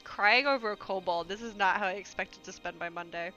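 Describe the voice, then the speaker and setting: Bright-voiced woman streamer. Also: medium pitch, a little fast, lo-fi sound, faint music behind. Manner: chatty, laughing, emotional reactions. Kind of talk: casual gameplay commentary.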